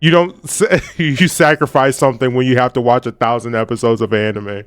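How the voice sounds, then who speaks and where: A man's voice: medium pitch, steady tone, brisk, clean tone, no room sound. A man co-hosting a casual reaction video, joking, laughing often and swearing casually. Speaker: co-host reacting to a show.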